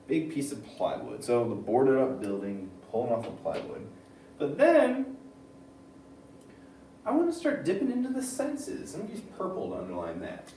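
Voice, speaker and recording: A male teacher giving a reading lesson, reading passages aloud and thinking out loud about them. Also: medium pitch, normal speed, slight background noise. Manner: animated, switching between reading aloud and thinking aloud. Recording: roomy sound, mic at a distance, faint ambience.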